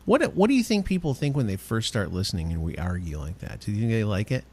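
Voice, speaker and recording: A man's voice: on the low side, very animated, fast, husky. A man hosting a podcast in casual chat, telling stories with animation and laughing often. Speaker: podcast host.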